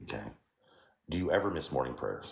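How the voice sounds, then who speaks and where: A man with a very low voice needles a caller with deadpan taunts. He sounds like he's in an echoey room, with a faint hiss behind him. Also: a little fast, creaky.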